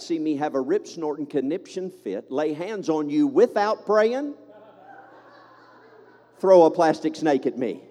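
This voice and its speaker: High-voiced Southern preacher in a reverberant church. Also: male voice, mellow. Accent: American Southern. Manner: fervent preaching with joking asides to the congregation. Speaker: pastor. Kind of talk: sermon. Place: church sanctuary. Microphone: microphone.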